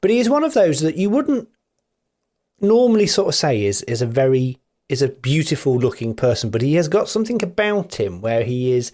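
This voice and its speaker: A man's voice: on the high side, sing-song, brisk, a little mellow. A man hosting a casual podcast, gushing and playful as he chats. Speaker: podcast host.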